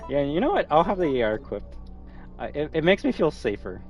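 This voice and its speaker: A man's voice: a little high, sing-song, fairly quick, dull audio, soft background music. A man streaming a game, chatting casually with nerdy asides and plenty of swearing. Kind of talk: casual gameplay commentary.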